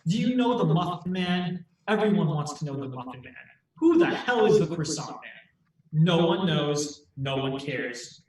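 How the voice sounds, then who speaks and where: A man's voice: on the high side, very animated, a little slow, darkish tone. A man doing an improv bit as a lawyer arguing for muffins, playful and teasing in a mock courtroom style. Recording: roomy echo, distant from mic.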